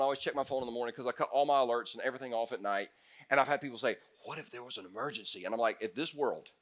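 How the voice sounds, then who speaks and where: A male pastor delivers a sermon with a bright, forceful tone and a voice sitting a little high for a man. He preaches in an animated way, swinging from loud exclaiming to quiet, intense passages.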